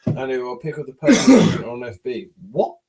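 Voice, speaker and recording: A man's voice: medium pitch, very animated, moderate pace, crowd noise, poor audio. Crude, rambling man chatting. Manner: crude, rambling, swears a lot. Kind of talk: casual chat.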